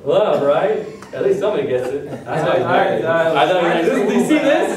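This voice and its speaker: The pastor's voice is a little high, animated, and fairly quick as he jokes with his congregation and fires questions at them in a casual sermon, with a loud crowd around him. The recording comes from far off in an echoey church hall.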